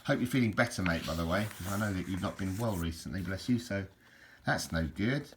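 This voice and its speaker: A man's voice: low voice, a little fast. A man chatting casually while leafing through an old repair book, rambling and restarting his sentences. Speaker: book reviewer. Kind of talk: casual chat. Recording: noisy home recording.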